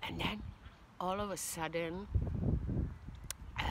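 A woman casually telling a children's story to viewers outdoors, unhurried and with hesitations. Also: sits low, animated, creaky, background noise.

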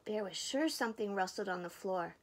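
An older woman reading a picture book aloud, expressive and dropping into soft whispers. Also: mid-range voice, fairly quick, noisy background. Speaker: storybook reader.

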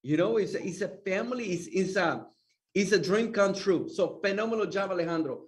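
A man's voice: high voice, expressive, brisk, recorded from a distance. A man co-hosting a podcast, talking earnestly and repeating himself as he restarts phrases. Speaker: guest co-host. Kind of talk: casual chat.

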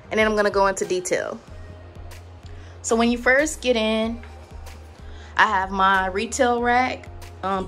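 A woman's voice: a little high, fairly bright tone. A young adult woman giving a casual tour of her spa treatment room, listing items in a chatty way with lots of "like" and "um". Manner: chatty, filler-heavy listing with many "like" and "um". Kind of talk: casual walkthrough vlog.

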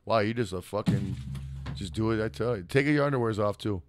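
A man's voice: on the low side, brisk, background noise. An American man co-hosting a podcast, rambling and swearing while reading out listener comments. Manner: profane, rambling, laughs a lot. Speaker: podcast co-host.

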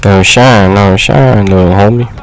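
Frustrated young man yelling at teammates. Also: on the low side, unhurried, rough recording. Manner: frustrated, exclaiming, slangy trash talk. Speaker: gaming YouTuber. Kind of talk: casual gameplay commentary.

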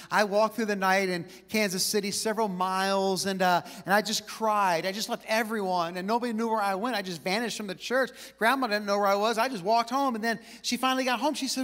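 A man preaching a sermon to a church, telling personal stories with quick asides and light laughter. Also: high-pitched, a bit bright. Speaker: pastor. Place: church auditorium with long reverb. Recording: reverberant church hall.

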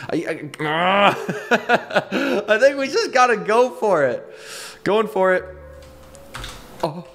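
A young man hosting a gaming video, giving excitable running commentary and yelping and laughing as he plays. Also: on the high side. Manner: excitable, yelps and laughs while playing.

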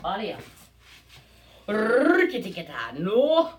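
A woman's voice: mid-range voice, huge pitch swings, takes it slowly, slight background noise. A woman filming herself and talking to unseen doubters in an agitated, sarcastic way, dropping to whispers and then rising to angry outbursts. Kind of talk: rambling self-recorded monologue.

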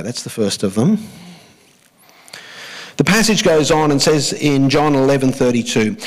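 An Australian man preaching a sermon in an ordinary, mid-range voice. He leans hard on key phrases, slows right down to repeat them, and has the congregation say the lines back to him. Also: medium pitch, sing-song, rough recording. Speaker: pastor. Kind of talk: church sermon.

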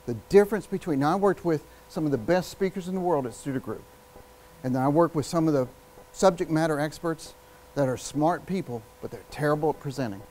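A man giving a live public speaking workshop, energetic and emphatic, shifting his speed and volume and using long pauses. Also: on the high side, slight background noise, poor audio. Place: workshop room with an audience.

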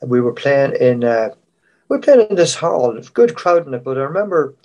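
A man's voice: medium pitch, very animated, moderate pace, mellow, lo-fi sound. Older Irish man telling band stories. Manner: rambling anecdotal storytelling. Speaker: showband musician guest. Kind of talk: storytelling in an online panel.

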